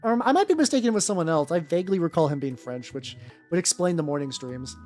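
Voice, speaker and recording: A low-voiced woman streamer talks through a painting session with a lively, swooping delivery. She rambles and restarts constantly, swearing freely as she works. Soft music plays faintly underneath her voice. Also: fast talker. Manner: rambling, with many restarts and stumbles; swears casually. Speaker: VTuber streamer painting miniatures. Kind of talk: casual livestream chat while painting. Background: faint background music.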